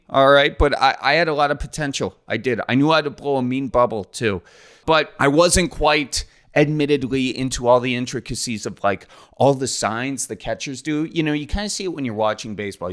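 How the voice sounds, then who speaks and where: A man's voice: mid-range voice, fairly bright tone. A man, hosting his podcast in a folksy, joking, rambling way. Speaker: podcast host. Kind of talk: casual solo podcast intro.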